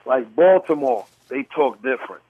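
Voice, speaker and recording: A man's voice: mid-range voice, lively intonation, normal speed, husky, no echo, phone-quality sound. A man from New York City with a New York accent, hosting a casual podcast chat and bluntly comparing how people talk. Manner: blunt storyteller, mimics dialects. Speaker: podcast host.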